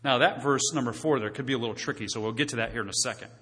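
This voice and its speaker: A man preaching from the pulpit with a bright, forceful voice that rings out into a long, echoing church hall. His delivery is conversational, full of restarts and direct questions to the people in the pews. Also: mid-range voice, very fast. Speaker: pastor. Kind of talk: sermon.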